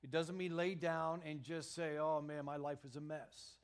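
Earnest preaching man, pitched a bit high. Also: level tone, smooth. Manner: earnest, emphatic preaching with swells in volume and halting restarts. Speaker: pastor. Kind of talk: sermon.

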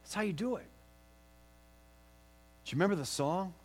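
A man's voice: high voice, lively intonation, moderate pace. A male pastor preaching a sermon in a folksy, encouraging way, joking with the congregation and leading them in song.

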